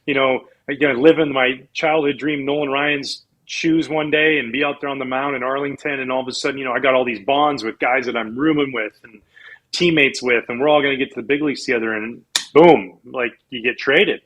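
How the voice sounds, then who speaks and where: Husky ex-athlete telling stories. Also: male voice, medium pitch, fairly quick, rough recording. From Canada. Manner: animated storyteller, acts out quoted people. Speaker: former pro athlete guest. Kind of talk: casual storytelling interview.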